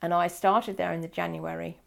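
A woman's voice: fairly low pitch, fairly quick, creaky. An older woman telling a personal story in an interview, acting out quoted dialogue. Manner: animated, acts out quoted dialogue.

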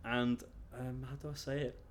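Man from england, casual interview talk, hesitant, self-conscious chuckles, mid-pitched voice. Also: level tone, moderate pace. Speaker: interview guest.

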